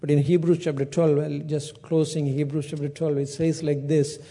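A man's voice: on the high side, little pitch movement, normal speed, dark tone. A man preaching a sermon, retelling a parable with acted-out dialogue and frequent restarts.

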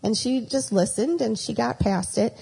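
A woman's voice: fairly high pitch, normal speed, vocal fry, warm tone, husky, rough recording. A middle-aged woman giving a chatty storytelling talk with a faith reflection, rambling and slipping into acted quotes.

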